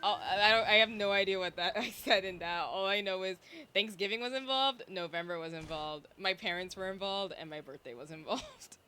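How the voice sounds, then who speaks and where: A young woman streamer in casual chat, rambling with lots of fillers and a slight vocal fry. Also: medium pitch, brisk, pushed and bright, slight background noise. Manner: chatty, rambling with fillers and self-interruptions.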